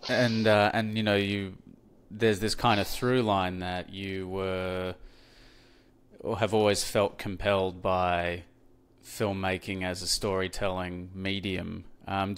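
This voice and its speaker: A man with a very deep, smooth, resonant voice hosts a casual interview. He speaks in an even, level tone, hesitant and thoughtful, with many fillers. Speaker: podcast host.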